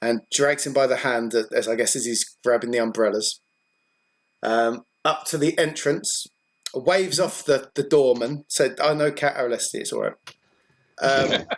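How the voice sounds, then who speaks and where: A man serves as game master for a tabletop role-playing game. He talks in a halting, good-humoured way, with plenty of ums and restarts. He laughs often along with his players. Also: mid-range voice.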